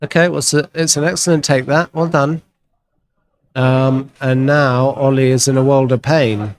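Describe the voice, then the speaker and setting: A man calls a backgammon match live in a chatty, easygoing way, tossing in wry jokes and playful sound effects. His voice sits at an ordinary middle pitch. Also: steady tone, moderate pace. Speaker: commentator.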